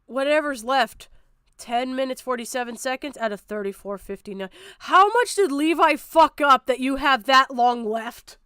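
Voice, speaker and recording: A woman's voice: high-pitched, normal speed, sharp tone, smooth, no echo, studio quality. A woman streamer giving blunt, profane commentary on a video, ranting and mocking as she talks.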